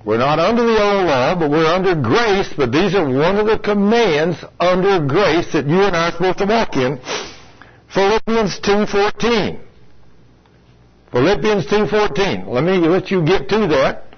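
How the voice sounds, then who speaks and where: A man's voice: high voice, animated, normal speed, few pauses. A man preaching a sermon in a folksy, direct way, speaking to his congregation and acting out complainers. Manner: folksy, talks straight to the congregation, acts out complainers. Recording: lo-fi radio broadcast.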